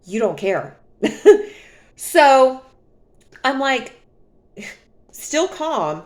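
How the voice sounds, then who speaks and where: A woman vlogger calmly and emphatically retelling a personal story in a storytime monologue. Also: high voice, extremely slow. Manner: calm, emphatic, dramatic retelling.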